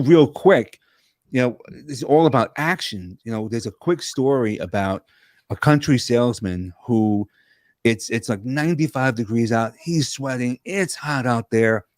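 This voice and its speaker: A man, a guest coach, telling a story in an energetic, animated conversational way over a video call, full of quick restarts. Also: mid-range voice, no room sound, clean studio sound. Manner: fast, animated talker with frequent restarts.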